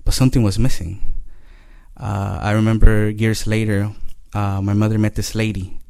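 A man giving a personal testimony about his past, speaking earnestly and haltingly, with frequent pauses and fillers. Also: fairly low pitch, level tone, creaky, warm tone, clear, resonant tone, no echo. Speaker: storyteller sharing his life story.

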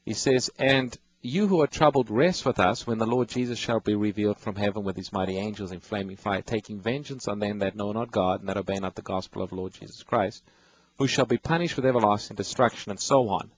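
A man's voice: lowish voice, fairly quick, slight background noise, poor audio. A man hosting a radio Bible call-in show, patiently explaining scripture and reading verses to callers.

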